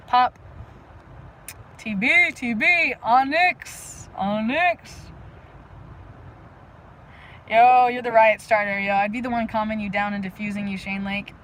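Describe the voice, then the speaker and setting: A woman hosting a casual live stream outdoors, talking energetically and rambling to her viewers with lots of fillers and sudden loud bursts. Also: fairly high pitch, measured pace, a little hiss or hum, rough recording. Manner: frequent "like" fillers. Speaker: livestream host. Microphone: phone live stream.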